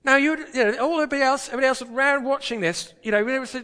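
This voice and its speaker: A man's voice: very high-pitched, fast talker, few pauses, sharp tone, long reverb tail. A British man preaching a sermon in a church, talking in a conversational, emphatic way with rhetorical questions.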